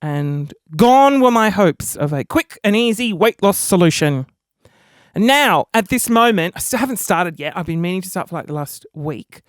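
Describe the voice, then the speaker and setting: Aussie guy telling funny stories, voice jumps up and down a lot, pretty high, dry close sound. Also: normal speed, clear, resonant tone, no echo. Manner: animated, acts out people in the story. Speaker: podcast host. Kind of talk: casual comic storytelling.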